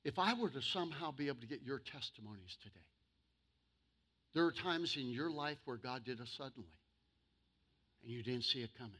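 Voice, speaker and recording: Bright-voiced preacher with sudden loud bursts. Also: male voice, medium pitch, lively intonation, husky. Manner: humorous, with sudden loud bursts and slow emphatic stretches. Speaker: pastor. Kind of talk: sermon.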